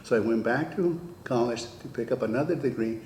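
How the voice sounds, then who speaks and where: A man's voice: medium pitch, a little fast, darkish tone, roomy sound, a little hiss or hum. An older man, a retired teacher, telling his memories in an oral history interview, acting out the dialogue he recalls. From California. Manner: storytelling, acts out quoted dialogue.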